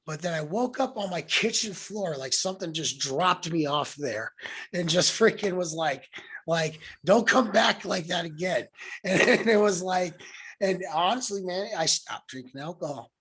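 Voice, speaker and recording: Young guy on a podcast, kinda high voice, gets loud and jumpy acting out what people said. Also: moderate pace, breathy edge. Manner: animated storyteller, acts out quotes with sudden loud pitch jumps. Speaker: podcast host. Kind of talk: casual conversation.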